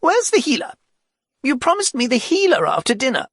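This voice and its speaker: A shrill, petulant old king barks orders in a very high, swooping voice, as a male narrator puts him on. The tone is gravelly and husky, and the recording is dry and close. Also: wildly swooping pitch, fairly quick, fairly bright tone, no room sound, full character voice. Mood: petulant, demanding. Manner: whiny, demanding.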